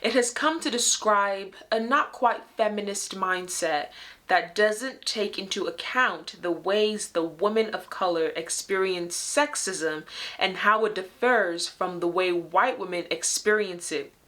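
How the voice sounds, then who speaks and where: A young woman talks straight to her viewers, emphatic and fed up, pressing her points with sharp rhetorical questions. Her voice is bright and ringing, sitting at an ordinary middle pitch for a woman. She sounds like the host of her own commentary show. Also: measured pace. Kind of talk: direct-to-camera commentary.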